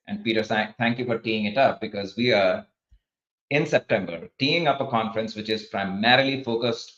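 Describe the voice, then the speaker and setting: A man, a research firm partner, giving a fluent, animated webinar presentation. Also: lowish voice. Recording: echoey muffled audio.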